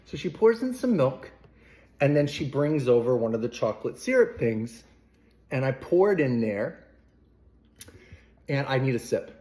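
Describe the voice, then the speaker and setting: A man's voice: medium pitch, sing-song, unhurried, pauses often, mellow. Chatty man rambling through an anecdote. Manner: rambling, chatty anecdote-telling with playful asides. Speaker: vlogger. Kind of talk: casual storytelling to camera.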